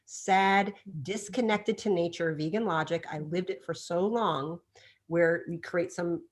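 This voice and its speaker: A middle-aged woman, a chiropractor, guests on a podcast interview, her voice on the low side and her pace measured. She tells stories with animation and acts out the voices of the people she quotes.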